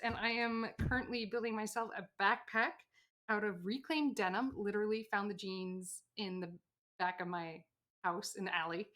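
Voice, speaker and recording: Sewing on camera, an American livestreamer with a somewhat high, slightly bright voice chats in a rambling way, reading out viewer messages and replying to them.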